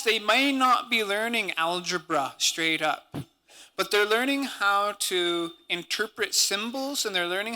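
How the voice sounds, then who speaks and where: Man from Montana, high and very bright voice, earnest conference speaker. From Montana, USA. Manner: earnest, conversational, peppered with native-language words. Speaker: symposium speaker and language teacher. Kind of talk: conference talk.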